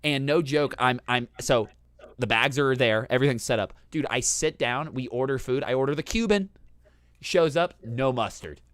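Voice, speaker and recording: A man hosting a casual chat, telling a long story in an animated, profane way and saying "dude" constantly. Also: mid-range voice, normal speed, dry recording. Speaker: host.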